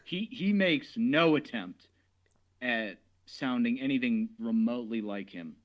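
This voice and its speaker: A man co-hosting a casual stream, joking, swearing and slipping into quick impressions. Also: mid-range voice, expressive, poor audio. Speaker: stream guest co-host.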